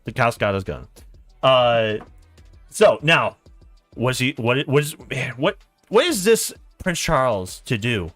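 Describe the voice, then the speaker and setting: Lively, slow-talking man. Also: medium pitch, no room sound, faint music behind. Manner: joking, hesitant. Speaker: streamer. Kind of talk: improvised storytelling during a board game.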